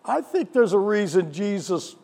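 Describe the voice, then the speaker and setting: A male pastor preaching a sermon, animated, with rhetorical questions and chuckles, in a church. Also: sits high, moderate pace, vocal fry. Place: church sanctuary. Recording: long church hall reverb.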